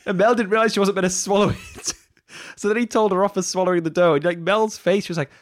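A man in casual podcast chat, chatty and opinionated and quick to laugh. He talks very fast, a little higher than most men. The sound is dry and close. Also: fairly even intonation, no echo. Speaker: podcast co-host.

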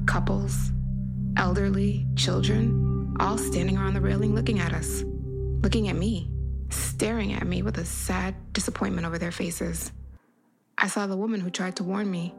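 A woman's voice: mid-range voice, gravelly. A woman podcast host reading a first-person horror story aloud in an intense, dramatic storytelling manner. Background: music.

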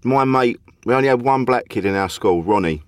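A man's voice: mid-range voice, a little fast, clear, resonant tone, no echo. A man hosting a casual podcast chat, rambling with restarts and laughing as he talks.

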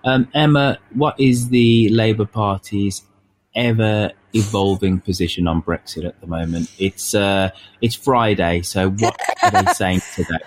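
A man hosting a political discussion, asking questions in a halting way with many fillers. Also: on the low side, slight background noise. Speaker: host.

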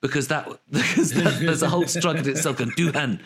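A man in casual, enthusiastic chat, joking and trying quick impressions. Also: a little high, over a noisy crowd. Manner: enthusiastic, jokey, tries impressions.

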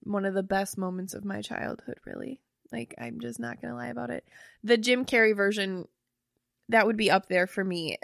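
A woman's voice: mid-range voice, creaky, a bit bright, dry recording, studio quality. A young woman co-hosting a podcast in casual chat, chatty and casual, swearing freely.

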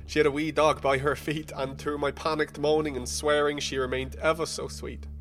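A young man narrating a rhyming spoken-word story, casual and profane, moving between hushed and heated. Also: fairly high pitch, flat delivery, normal speed. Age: young adult.

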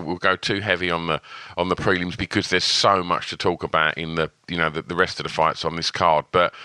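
A man's voice: deep voice, pushed and bright, clear, resonant tone, no echo. A man co-hosting a podcast, chatting casually, laughing often and restarting his sentences. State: sore throat. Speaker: podcast co-host. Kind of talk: casual chat.

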